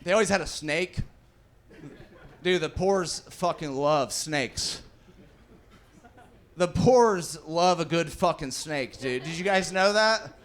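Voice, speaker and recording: A man's voice: a little high, lively intonation, slow pace, pauses often. A man in his thirties doing a casual stand-up set on a club stage, swearing freely and acting out the voices of the people in his stories. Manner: casual, swearing, acts out quotes. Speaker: stand-up comedian. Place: comedy club stage with live audience.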